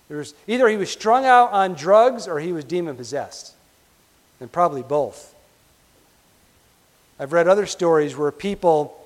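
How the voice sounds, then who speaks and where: A man preaching a sermon as pastor, emphatic, often dropping to a quiet, low delivery. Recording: long hall reverb.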